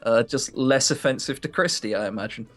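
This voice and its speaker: A man's voice: medium pitch, brisk, a bit bright, soft background music. A young man from Sussex with a southern English accent, hosting a game stream in casual, joking chat and laughing often. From Sussex, England. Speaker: let's play host.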